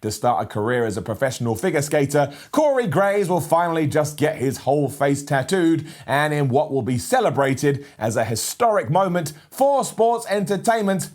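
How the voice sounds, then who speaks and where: A man's voice: medium pitch, big pitch swings, moderate pace, darkish tone. A man anchoring a satirical news broadcast with a smug, mock-serious delivery.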